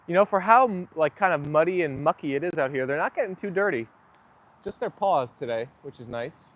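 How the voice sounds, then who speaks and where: Man, slightly high pitch, chatting to viewers from his phone while outdoors in the rain; rambling and self-deprecating. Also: lively intonation, a little fast. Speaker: dog owner livestreaming to viewers. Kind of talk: casual live chat. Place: outdoors on a rainy, muddy walk.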